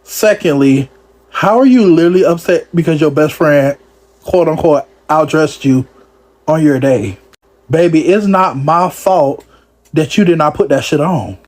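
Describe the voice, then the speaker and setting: A man giving casual reaction commentary in an animated, mocking way, laughing often. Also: on the high side, measured pace.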